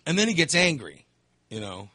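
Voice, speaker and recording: A man with a fairly high, bright voice launches into a casual political rant. He sighs, swears and slips into mocking impressions of the people he is talking about. The sound is close and dry, with no room around it. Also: normal speed, no room sound. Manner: animated, mocking quotes of others, swears, sighs.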